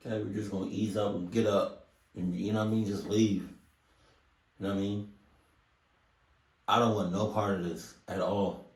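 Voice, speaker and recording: A man's voice: fairly low pitch, flat delivery, normal speed, pauses often, far from the mic. A man casually joking and talking back to a video as a reaction host. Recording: roomy echo.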